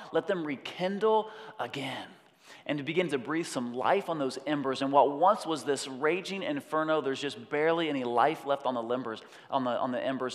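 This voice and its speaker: A man preaching a sermon in an animated way, breaking off to act out voices. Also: medium pitch. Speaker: pastor. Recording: long hall reverb.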